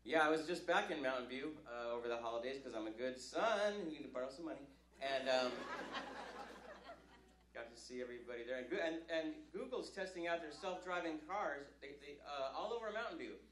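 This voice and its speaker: A man's voice: fairly high pitch, animated, brisk, noisy background. Male stand-up from Northern California, loose and self-mocking, recorded live in an echoey club. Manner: self-deprecating, rambling with restarts. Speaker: stand-up comedian. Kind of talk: stand-up comedy set. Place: comedy club stage.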